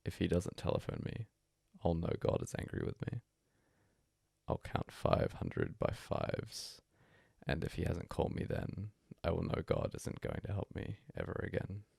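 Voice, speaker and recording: A man reading a bedtime story aloud as a hushed, breathy first-person monologue. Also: sits low, wildly swooping pitch, moderate pace, dry recording, clean studio sound. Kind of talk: soft-spoken story reading.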